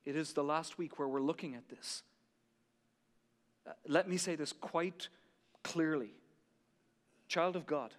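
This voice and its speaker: Impassioned high-voiced male pastor in a reverberant hall. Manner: impassioned, rising to near shouting, then dropping soft. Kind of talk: sermon.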